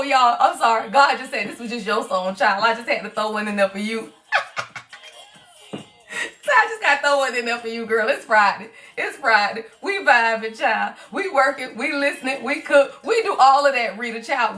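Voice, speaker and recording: High-voiced blunt Southern woman. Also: expressive, moderate pace, sharp tone. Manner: blunt, profane, preachy. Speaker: tarot reader. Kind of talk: livestream talk.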